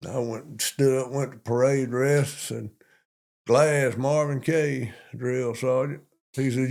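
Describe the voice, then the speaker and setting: A man's voice: medium pitch, slow pace, creaky. An older man with a Southern accent, a police chief from Georgia, telling army stories in a folksy, repetitive way during an interview. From Monroe, Georgia. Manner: folksy, repetitive, animated retelling. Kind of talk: storytelling in an interview.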